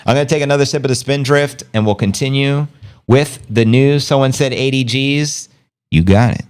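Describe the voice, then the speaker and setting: Man, livestream host, casual news commentary, hyped and loose, medium pitch. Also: normal speed. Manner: hyped, loose and chatty with shout-outs.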